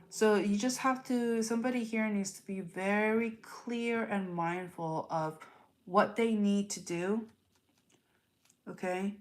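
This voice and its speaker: A woman giving a live tarot reading, earnest and repetitive, full of rhetorical questions. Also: mid-range voice. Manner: earnest, repeats herself, asks rhetorical questions. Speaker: tarot reader.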